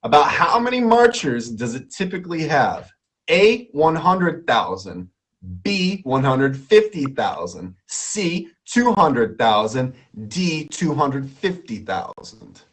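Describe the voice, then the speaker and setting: A man's voice: a little high, very animated, slow pace, a bit bright. A man hosting a live stream quiz in a playful way, laughing often and repeating himself.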